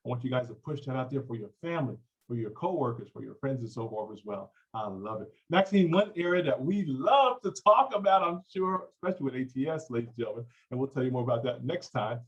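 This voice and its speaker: A man hosting an online talk show at a quick clip. He hypes the audience, repeats phrases and laughs often. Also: medium pitch, a little mellow, slightly rough, muffled recording. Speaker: host.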